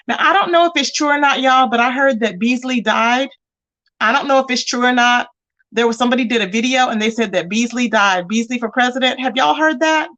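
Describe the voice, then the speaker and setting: A chatty woman with a fairly high voice talks casually to her livestream viewers. She reads out comments and keeps calling them y'all and baby in an animated, conversational way. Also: a little fast.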